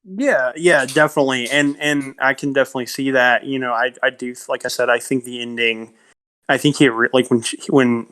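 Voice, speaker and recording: A young man chatting casually on a film podcast. He talks in a mid-pitched voice and retells scenes with animated energy, slipping into quick acted-out lines. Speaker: podcast co-host.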